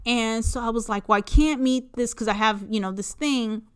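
A young adult woman hosting a podcast, telling a story in a casual, candid and animated way, swearing often and talking freely to her listeners. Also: on the high side, clean tone. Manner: animated, profane, fast-shifting; self-described introvert, candid. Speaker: podcast host.

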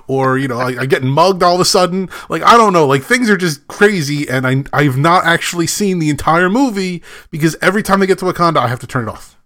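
A man's voice: fairly high pitch, expressive, fast, fairly bright tone. A man co-hosting a podcast, rambling in casual chat, with lots of "like" and restarts. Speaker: podcast co-host.

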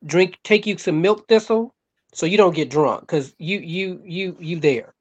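A man co-hosting a podcast in casual chat, calm and advice-giving. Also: high voice, a little slow. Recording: muffled, dull mic sound.

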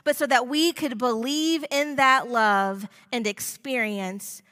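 A woman pastor preaching a sermon in a measured, deliberate way. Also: a little high, pushed and bright, long reverb tail.

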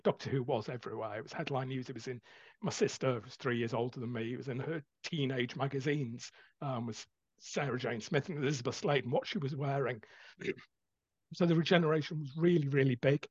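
A man's voice: mid-range voice, fairly even intonation, brisk, slightly rough, no echo, lo-fi sound. A man hosting a panel podcast, laying out his reasons one by one with enthusiasm. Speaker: podcast host. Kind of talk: casual panel discussion.

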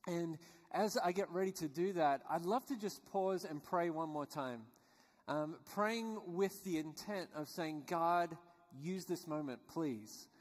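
A man's voice: a little high, a little slow. A man preaching a sermon to a church, earnest and conversational, with small restarts. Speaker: guest preacher. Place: church sanctuary. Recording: long hall reverb.

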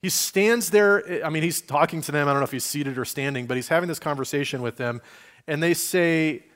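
A male pastor giving a sermon in a conversational, lively way, acting out the voices he quotes and restarting phrases as he goes. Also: fairly high pitch, brisk.

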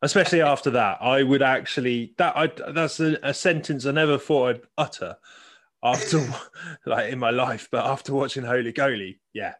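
A man's voice: medium pitch, moderate pace. A man co-hosting a casual film podcast, chatty and laughing often. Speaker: podcast co-host. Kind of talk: casual chat.

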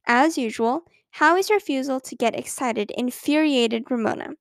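A woman narrating a children's storybook aloud in an expressive, lively reading. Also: high voice, normal speed, vocal fry, dry recording, studio quality.

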